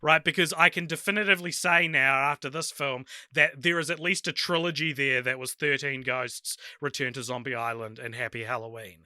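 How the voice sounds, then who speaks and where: Bright-voiced New Zealand man. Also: mid-range voice, steady tone, fairly quick, few pauses, no echo, clean studio sound. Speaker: podcast co-host. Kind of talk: casual chat.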